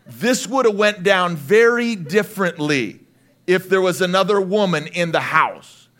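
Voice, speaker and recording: A man preaching a sermon as pastor, lively and emphatic, at times rising to shouts. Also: high voice, a little slow.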